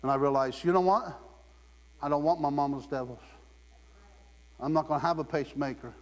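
Man preaching, fairly high voice, jokey and chatty, laughs a lot, long hall reverb. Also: steady tone, fairly quick. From Ohio. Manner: humorous, conversational, laughing often. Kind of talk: sermon.

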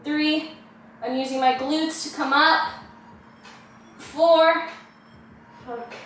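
A young woman who makes fitness videos guides viewers through a workout, counting reps aloud while panting, swearing, and groaning from the effort. Her voice is high and fairly bright with a steady tone and drawn-out words; the distant camera captures an echoey room, music, and a slight hiss or hum.

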